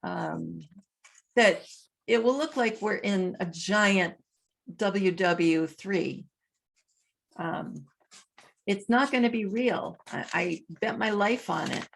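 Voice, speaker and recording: A woman vlogging in a casual monologue, reading from her notes and spelling out numbers slowly and deliberately. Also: medium pitch, creaky.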